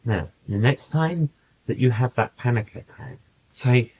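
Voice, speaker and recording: A man in a channeling session, speaking in a calm, patient, coaching way and telling anecdotes to a small group. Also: medium pitch, a little slow, highs cut off, a little hiss or hum. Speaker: channeler giving spiritual counsel. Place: small room with a group present.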